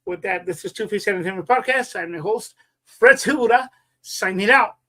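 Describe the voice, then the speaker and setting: A man's voice: high voice, normal speed, sharp tone. Rambling male podcast host. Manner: rambling, many fillers and restarts. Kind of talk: casual storytelling monologue.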